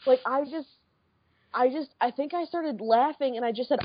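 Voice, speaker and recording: Animated young woman telling a story. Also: high-pitched, normal speed, highs cut off, noisy background. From American Midwest. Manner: animated, swears often, laughs through her story. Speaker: podcast co-host. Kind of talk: casual chat, storytelling.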